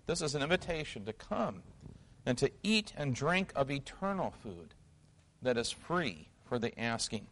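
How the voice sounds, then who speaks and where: A man preaching a sermon as pastor in an earnest way, asking his listeners questions and letting his voice fall quiet at the ends of phrases. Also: medium pitch, very animated, unhurried.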